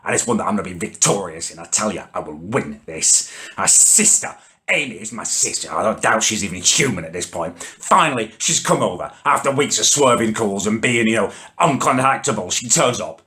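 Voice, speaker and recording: Male vlogger, furious sweary comic rant, low-ish voice. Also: lively intonation, a little fast, bright, forceful tone. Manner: angry, sweary, exasperated ranting. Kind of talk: comedic rant vlog.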